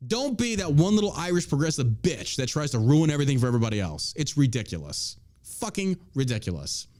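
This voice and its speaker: A man's voice: a little high, big pitch swings, fast talker, darkish tone. A man hosting a podcast, ranting in casual political commentary with lots of swearing and mockery. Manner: profane, ranting, mocking. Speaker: podcast host.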